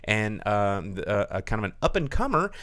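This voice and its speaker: A low-voiced man talking through a movie review in a casual chat, with a smooth, clear tone. His pitch swings widely as he rambles, restarts and fills gaps with "um" and "you know". The sound is dry and close. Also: moderate pace, dry recording. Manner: rambling, animated, many fillers and restarts. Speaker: podcast host.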